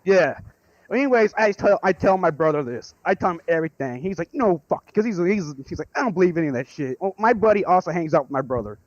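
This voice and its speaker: A man calling in to tell a rambling story, excitable and swearing freely. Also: sits high, fast talker, no room sound, lo-fi sound. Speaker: caller. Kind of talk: casual storytelling.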